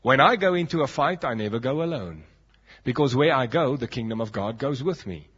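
A man's voice: mid-range voice, animated, fairly quick, fairly bright tone, husky. A South African man preaching a sermon as pastor, emphatic, with dramatic drops in his voice, on a dull lo-fi recording.

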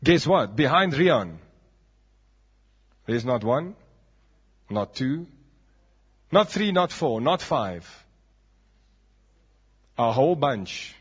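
Husky South African preacher, emphatic. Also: male voice, medium pitch, sing-song, slow pace, pauses often. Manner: emphatic preaching with dramatic drops. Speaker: pastor. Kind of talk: sermon. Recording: dull lo-fi recording.

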